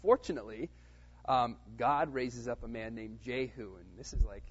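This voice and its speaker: A man teaches a casual Bible study, thinking out loud with plenty of "um"s and "right?"s aimed at his listeners. His voice is husky and a touch breathy, at a middle pitch. The sound is dull and slightly muffled. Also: moderate pace. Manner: conversational, with many fillers and "right?" check-ins.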